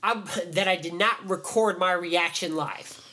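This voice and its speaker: A man's voice: high voice, a little slow, bright, forceful tone. A man co-hosting a casual podcast chat, rambling with fillers and restarts. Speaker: podcast co-host.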